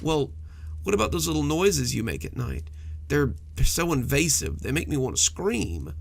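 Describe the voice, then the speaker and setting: A small monster child under the bed, high-voiced and stammering with fear, put on by a man. His voice has a gravelly edge. He blusters, then pleads, in a storybook horror tale. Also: big pitch swings, moderate pace, no echo, exaggerated voice. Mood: pleading. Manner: timid, stammering, fearful. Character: frightened little monster boy under the bed.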